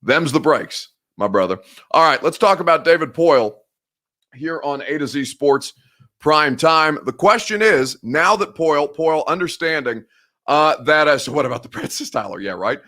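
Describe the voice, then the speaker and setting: A man's voice: on the high side, animated, normal speed, bright, forceful tone. A young man from Indiana with a Midwestern American accent, hosting a sports talk show and ranting with heated sarcasm and free swearing. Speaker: sports radio host.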